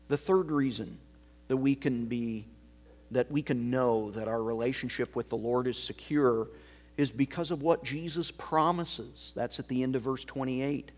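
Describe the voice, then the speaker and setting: A male pastor delivers a sermon at an unhurried pace, leaning hard on repeated words to drive his point home. His pitch sits in an ordinary middle range. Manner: slow, emphatic preaching with deliberate repetition.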